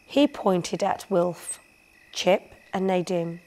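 A woman storyteller reading a bedtime story aloud, gently pausing to ask listeners questions. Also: on the low side, little pitch movement.

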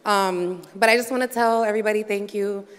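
A woman's voice: medium pitch, steady tone, brisk, clear, resonant tone. A woman from Boston giving an unprepared acceptance speech, casual and conversational with many ums. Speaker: award recipient, photographer. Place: large hall. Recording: hall with long reverb.

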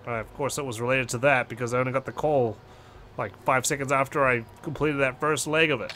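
A man's voice: mid-range voice, steady tone, fairly quick, sharp tone, slight background noise. A young man giving casual let's-play commentary with joking, sarcastic asides.

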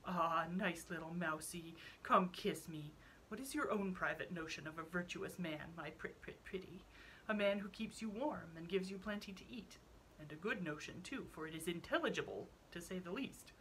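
A woman's voice: on the low side, expressive, fairly quick, a bit bright, slight background noise, rough recording. A woman reading the lines of a suave, cynical older foreign count who lectures with rhetorical questions. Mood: amused.

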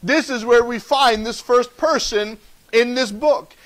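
A man preaching a sermon in a church, animated and joking as he teaches from scripture. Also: extremely high pitch, unhurried, low-quality recording. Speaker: pastor. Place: church sanctuary.

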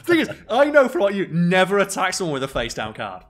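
A man's voice: high-pitched, wildly swooping pitch, fairly quick, fairly bright tone, faint music behind. A young man, co-host of a casual podcast, who rambles with many fillers and restarts. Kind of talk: casual chat.

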